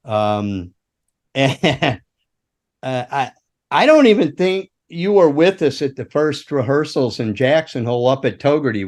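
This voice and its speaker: Veteran roadie guest, male, slightly high pitch, loose and profane storyteller. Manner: animated, profane anecdotes. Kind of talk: casual storytelling chat.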